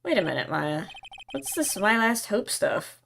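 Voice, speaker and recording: A woman's voice: medium pitch, sing-song, a little slow, vocal fry, fairly bright tone, a little hiss or hum, voice pushed down, heavily acted. A woman voicing Phoenix Wright, a young male defense attorney who keeps pressing a witness with incredulous questions. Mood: puzzled.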